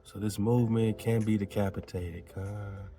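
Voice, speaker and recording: A man's voice: on the low side, fairly even intonation, normal speed, mellow, soft background music. A man hosting a talk show, reading aloud and commenting in a preachy, emphatic way with slangy asides. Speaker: podcast host.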